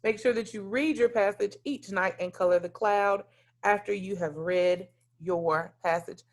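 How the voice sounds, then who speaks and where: A woman teacher giving a recorded lesson in clear, deliberate teacher talk, stepping through lists point by point. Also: mid-range voice.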